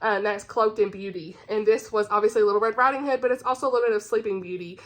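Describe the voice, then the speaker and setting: A woman's voice: mid-range voice, fairly even intonation, fast. A woman hosting her own channel, chatting casually and bubbly about books she recommends, giggling often. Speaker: book reviewer, channel host. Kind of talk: casual book-recommendation chat.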